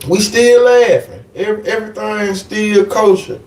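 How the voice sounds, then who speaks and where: A man telling a personal story casually on a live stream, animated and profane, repeating phrases for emphasis. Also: sits high, measured pace, reverberant, far from the mic.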